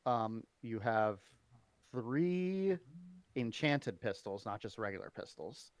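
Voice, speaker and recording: A man's voice: mid-range voice, sing-song, slow, no room sound. Dry-sounding man running a tabletop game. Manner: laughs often, stammers on restarts. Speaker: game master.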